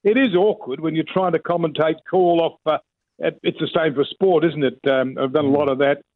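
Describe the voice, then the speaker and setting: A man's voice: fairly high pitch, brisk. A man, a radio correspondent, chatting with the host and hesitating often. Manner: chatty, with frequent fillers and restarts. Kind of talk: casual chat with the host. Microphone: phone line. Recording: tinny phone line.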